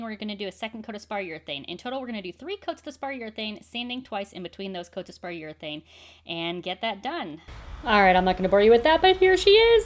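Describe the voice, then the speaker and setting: A woman's voice: mid-range voice, low-quality recording. A woman in her thirties hosting a DIY tutorial, explaining the steps in an upbeat, chatty way with casual asides. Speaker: DIY builder and tutorial host. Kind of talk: step-by-step DIY tutorial voice-over.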